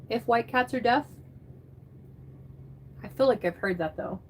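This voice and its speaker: Woman, livestream chat, mid-pitched, rambling, answers comments. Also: measured pace, long pauses. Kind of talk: casual chat reading live comments.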